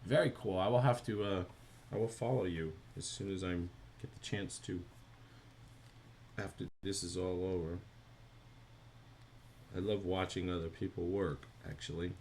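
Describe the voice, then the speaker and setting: New jersey guy, deep voice, rambling chat to viewers while animating. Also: steady tone, moderate pace, pauses often, darkish tone, a little hiss or hum. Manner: chatty, thinks aloud and answers chat. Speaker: animator streaming live. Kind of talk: casual live-stream chat while drawing.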